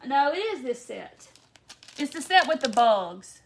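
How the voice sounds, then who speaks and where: A woman's voice: high-pitched, very animated, measured pace, a little hiss or hum. A woman hosting a live craft tutorial, chatty and laughing often as she reads viewer comments by name. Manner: giggly, keeps breaking into laughter. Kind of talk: casual live-stream chat.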